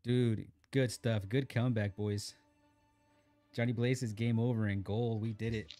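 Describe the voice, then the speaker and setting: A man's voice: fairly low pitch, steady tone, unhurried, dark tone, soft background music. A man live-streaming a mobile shooter, chatting casually and reacting to the match, calling everyone dude and bro. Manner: laid-back, peppers talk with "dude" and "bro". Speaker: game streamer.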